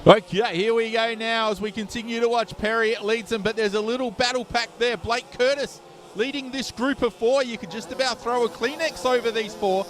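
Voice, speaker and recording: A man calling live kart racing from trackside, brisk play-by-play. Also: very high voice, steady tone, fairly bright tone. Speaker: race commentator. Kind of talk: live motorsport commentary. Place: trackside at an outdoor dirt kart circuit.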